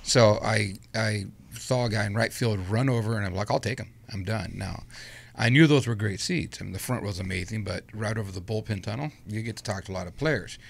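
A man's voice: on the low side, a little fast, creaky. A middle-aged man telling a long personal story in a casual interview, acting out what people said. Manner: animated anecdote-telling with acted-out quotes. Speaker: guest storyteller.

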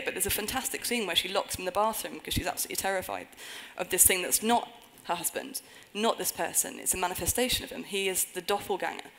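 Woman, conference talk, fairly low pitch, earnest, wry asides, stage before an audience. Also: fairly bright tone, poor audio. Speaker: conference speaker.

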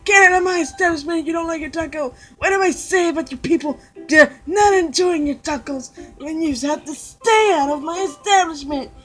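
A woman's voice: medium pitch, moderate pace, hardly any pauses, mellow, soft background music, voice pushed down, lightly acted. A woman voicing an indignant female taco shop owner who scolds and throws out a customer. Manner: scolding, blustery.

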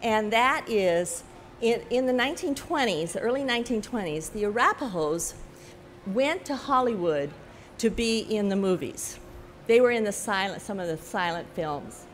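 A woman's voice: medium pitch, normal speed, slight background noise. Older woman author telling stories in a hall. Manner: animated storytelling, frequent "you know", laughs at her own anecdotes. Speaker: author giving a talk. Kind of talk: festival talk to an audience. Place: large hall at a book festival. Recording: echoey hall with faint ambience.

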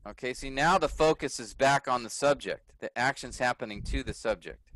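A man's voice: mid-range voice, normal speed, fairly bright tone, slight background noise, poor audio. A man teaching a class, explaining grammar patiently and often checking whether his students follow.

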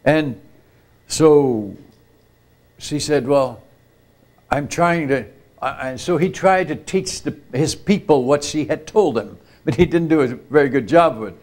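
A man's voice: fairly high pitch, unhurried. Older man telling a sermon story. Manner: animated storytelling, acts out quoted voices, frequent asides to the audience. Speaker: missionary speaker. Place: retreat camp meeting.

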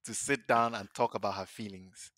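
A man co-hosting a podcast in a casual TV recap chat, earnest and measured as he weighs his opinions. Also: lowish voice, fairly even intonation, pushed and bright, no room sound, studio quality. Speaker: podcast co-host.

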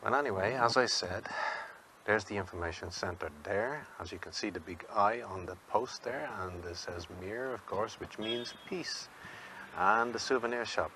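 A man's voice: fairly low pitch, normal speed, bright, forceful tone, a little hiss or hum. An Irish man vlogging in a rambling, chatty way and laughing often as he talks to viewers. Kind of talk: casual walking vlog.

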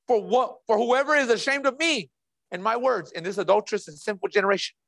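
A man's voice: sits high, fast talker, creaky, a bit bright. A man preaching a sermon as pastor, emphatic and repeating key phrases while speaking straight to the congregation.

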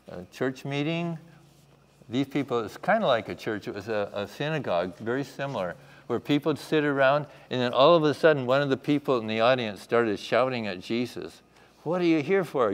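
Man teaching a children's Bible lesson. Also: mid-range voice. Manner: asks the room questions, acts out the story. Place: chapel. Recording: echoey hall.

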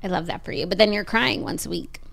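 A woman's voice: on the low side, fast, creaky, a bit bright, a little hiss or hum. A young woman co-hosting a casual podcast, dropping dry, teasing asides. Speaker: podcast co-host. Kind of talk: casual chat.

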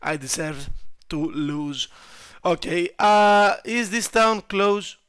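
A young man giving casual gameplay commentary, excitable, swearing and shouting at his troops and laughing at himself. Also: sits high, takes it slowly, clean tone, no room sound, studio quality. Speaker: gaming YouTuber.

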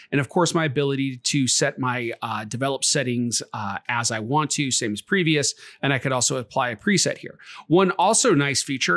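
Casual man walking through photo software. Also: mid-range voice, no echo. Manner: relaxed, conversational, with frequent filler uhs. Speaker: photography channel host. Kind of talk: software tutorial screencast. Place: home desk. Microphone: desktop mic, muffled at times while shooting.

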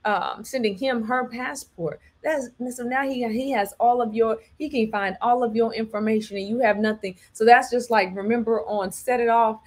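A woman's voice: fairly high pitch, fairly even intonation, normal speed, few pauses, a little mellow. A woman hosting a commentary talk, speaking emphatically and often checking in with her listeners, acting out quoted lines. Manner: preachy, repeats "all right" and "do you understand me", acts out quotes. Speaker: host.

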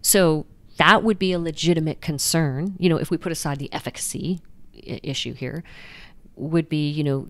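A woman doctor explaining things in a smooth, low voice, lively and chatty, full of small restarts and "you know"s. The sound is dry and close. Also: a little fast, dry recording. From United States. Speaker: guest doctor. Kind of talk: conversational interview answers.

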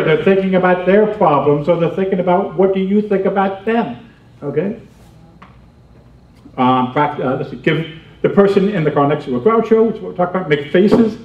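Guy doing a funny seminar talk, higher voice, laughs a lot, acts out bits, roomy muffled sound from far off. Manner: animated, chatty, laughs often, acts out little scenes. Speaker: comedy seminar speaker. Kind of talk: humorous seminar talk to a live audience. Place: seminar room. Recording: roomy, muffled, distant hall recording.

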